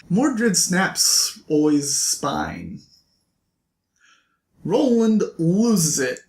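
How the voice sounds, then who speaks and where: Animated man recapping a book. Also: on the high side. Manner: animated, playful sign-off. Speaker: book vlogger. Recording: roomy echo.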